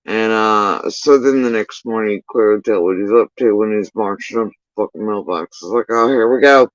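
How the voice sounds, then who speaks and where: A man telling a story in casual livestream talk, rambling and swearing, with sudden high bursts when he quotes people. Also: normal speed, dry recording, dull audio. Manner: profane, rambling, animated when quoting others. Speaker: livestream talker.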